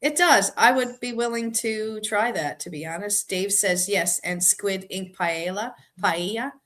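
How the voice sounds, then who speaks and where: A woman's voice: medium pitch, fairly even intonation, measured pace, a bit bright. A woman from Boston with a Boston accent, hosting a trivia live stream in easy, chatty talk and reading viewer comments aloud. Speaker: trivia host. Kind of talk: casual live-stream chat.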